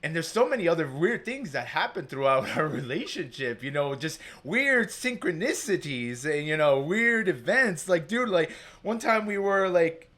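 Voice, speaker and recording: Man, rambling storyteller, fillers everywhere, slightly high-pitched. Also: big pitch swings, normal speed, few pauses, sharp tone. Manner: rambling, heavy on filler words. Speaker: guest. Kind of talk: casual storytelling.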